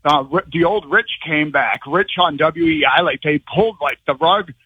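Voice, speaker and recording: Rambling caller on a tinny phone line. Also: male voice, a little high, breathy edge, no room sound. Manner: rambling, rapid, breathless run-on talk.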